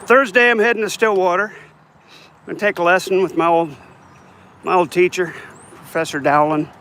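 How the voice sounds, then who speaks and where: A high-voiced older man vlogs on a city street, phone held as he walks, rambling casually and joking at his own expense. His intonation stays fairly even at a normal pace, the tone a bit bright, with slight background noise.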